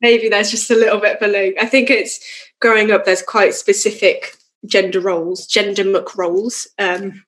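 A woman's voice: mid-range voice, little pitch movement, moderate pace, a bit bright. A young woman musician chatting casually in an interview, with lots of fillers and easy laughter. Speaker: musician guest.

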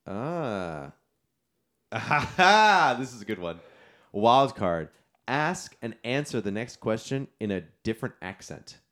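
A man's voice: mid-range voice, sing-song, slow pace, fairly bright tone. A young man co-hosting a podcast in easygoing casual chat, leading a card game and talking reflectively. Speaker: podcast co-host.

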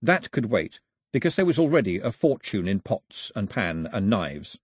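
A man narrating an audiobook as a lively storyteller, in a husky voice, recorded on a close studio mic. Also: fairly low pitch, normal speed, dry recording. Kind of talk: scripted narration.

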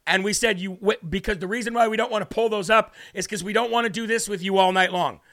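A man's voice: sits high, steady tone, quick pace, fairly bright tone. A man hosting a live talk show, giving fired-up political commentary, talking straight to his viewers and reading their chat messages aloud.

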